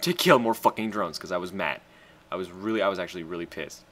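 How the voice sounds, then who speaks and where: A man casually commentating a strategy game he played, excitable and profane, often bursting into loud shouts. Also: deep voice, fast, a little hiss or hum. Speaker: gamer commentating his own match.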